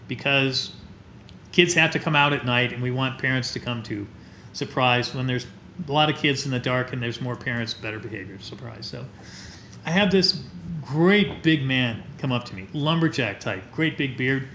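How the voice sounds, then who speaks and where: Middle-aged man, animated storyteller, roomy sound. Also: medium pitch, normal speed. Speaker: guest, teacher and astronomer. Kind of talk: storytelling in a podcast interview. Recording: roomy echo with faint noise.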